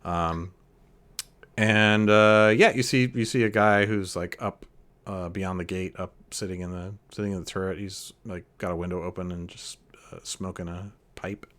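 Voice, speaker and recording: A man running a tabletop horror game as game master, describing scenes in a loose, halting way full of ums and likes. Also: low-pitched, fairly even intonation, a bit bright.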